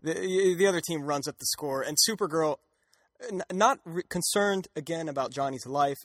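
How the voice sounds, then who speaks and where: A man with a slightly high voice co-hosts a podcast in casual, joking chat. He laughs often and acts out the lines he quotes. His mic sounds dry and close. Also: normal speed, a bit bright, no room sound. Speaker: podcast co-host recapping a comic.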